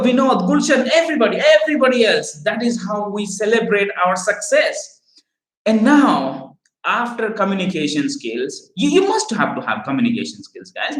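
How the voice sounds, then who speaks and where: A middle-aged man from Odisha, India, whose first language is Odia, speaks in a high voice with Indian English colored by American speech. He hosts a live recruiting training stream, energetically throwing rhetorical questions at viewers. The rough recording echoes around the room.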